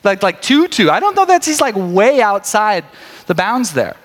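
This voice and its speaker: A man preaching a sermon in a relaxed, conversational way, with joking asides to the congregation. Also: high voice, moderate pace. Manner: conversational, animated, jokey asides. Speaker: pastor. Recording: long hall reverb.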